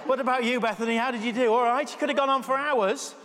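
A man's voice: very high-pitched, quick pace, in a large hall. A man leading an all-age church talk as pastor, joking with his helpers and cheering them on through a live demonstration. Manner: jokey, energetic, cheering people on. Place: church hall.

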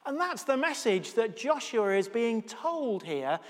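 A man's voice: extremely high pitch, measured pace, long reverb tail. A man leading an all-age church talk as pastor, joking with his helpers and cheering them on through a live demonstration. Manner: jokey, energetic, cheering people on. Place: church hall.

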